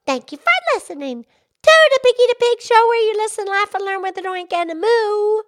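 A woman's voice: very high-pitched, a little fast, dry recording, studio quality. A woman voicing a cheerful, enthusiastic pig who hosts a children's educational show. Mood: upbeat. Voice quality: bubbly, enthusiastic. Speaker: show host.

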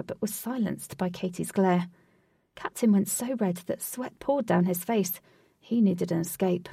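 A woman reading a story chapter aloud in a steady narrating voice. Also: lowish voice, unhurried, gravelly, slightly rough, dry recording, clean studio sound, far from the mic. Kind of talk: audiobook reading.

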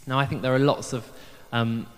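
In a church hall with long reverb, a preacher delivers a light-hearted sermon, chatty and self-deprecating, full of ums. His voice is medium-pitched and level, at a moderate pace.

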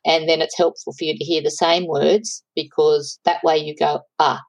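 A middle-aged woman speaks in a low, gravelly voice. She talks through relationship advice in a thoughtful, conversational way, acting out sample phrases. The sound is dry and close. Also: flat delivery, normal speed, darkish tone, no room sound, low-quality recording. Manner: thoughtful, explains with quoted examples.

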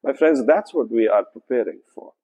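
A man's voice: mid-range voice, lively intonation, mellow, breathy edge, in a large hall, lo-fi sound. A man preaching a conversational sermon as pastor, often checking in with "right?" and using many fillers. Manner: frequent "right?" checks, many fillers, slow deliberate delivery. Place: church sanctuary.

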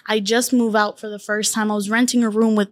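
A young woman from Latin America, a wellness coach, telling her story on a podcast in a candid, animated way, acting out quotes. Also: medium pitch, fairly quick, dry recording, studio quality. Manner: animated, acts out quotes in lively voices.

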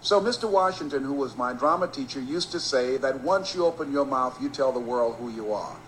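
A man from Miami giving a storytelling motivational speech, emphatic and rhythmic, slowing down to stress key phrases. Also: mid-range voice, lively intonation, fairly bright tone, a little hiss or hum, rough recording. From Miami, Florida. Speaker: motivational speaker.

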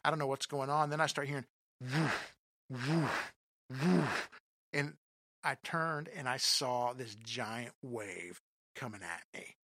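A man telling a comic personal story in an animated, self-deprecating way, often talking straight to his listeners. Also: medium pitch, moderate pace, no room sound, clean studio sound.

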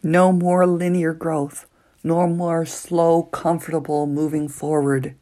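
Woman, podcast host, motivational monologue, earnest, lower pitch, hushed lines and eager bursts, close mic. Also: takes it slowly. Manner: earnest, swings between soft hushed lines and excited outbursts. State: nervous, emotional.

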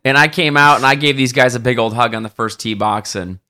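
A man's voice: medium pitch, fairly quick, sharp tone, smooth. A man from Detroit, a caddie, telling rambling stories in casual podcast chat and correcting himself as he goes. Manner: rambling storyteller, self-correcting.

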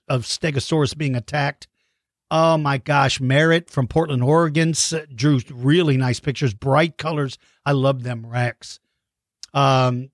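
A middle-aged man chatting warmly to young viewers about their drawings, enthusiastic with playful mock-outraged outbursts. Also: fairly high pitch, no room sound, studio quality. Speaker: kids' dinosaur channel host. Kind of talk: casual chat to young viewers.

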